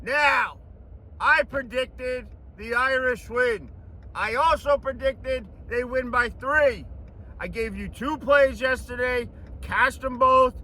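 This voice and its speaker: A man hosting a sports betting show, talking casually and breaking into shouted chants. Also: very high voice, low-quality recording.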